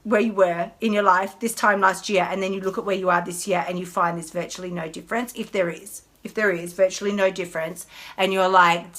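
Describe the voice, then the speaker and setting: A woman, a health coach chatting casually on a live stream in an animated way. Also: medium pitch, brisk. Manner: chatty, animated, mimics whiny inner voices.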